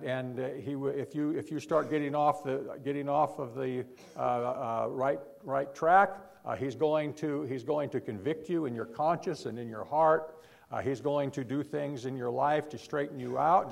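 A man preaching a sermon to a congregation, pleading and emphatic, pushing hard before dropping low. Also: fairly even intonation, moderate pace, gravelly.

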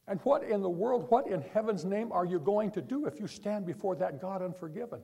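Male preacher, fairly high husky voice, earnest pleading sermon delivery. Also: lively intonation, a little fast, dark tone. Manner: pleading, rising to emphatic then dropping low.

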